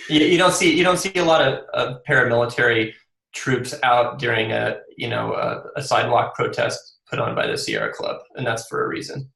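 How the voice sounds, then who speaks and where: Gravelly-voiced man, earnest guest. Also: medium pitch, lively intonation, a little fast, bright, forceful tone, roomy sound, low-quality recording. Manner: earnest, many fillers and restarts. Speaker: guest author. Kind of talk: casual interview.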